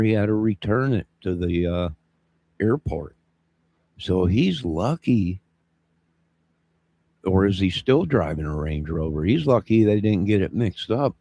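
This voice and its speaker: A very deep, husky male voice talks loosely through a livestream. He rambles and circles back to repeat his points in a casual, offhand way. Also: mellow. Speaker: livestream co-host.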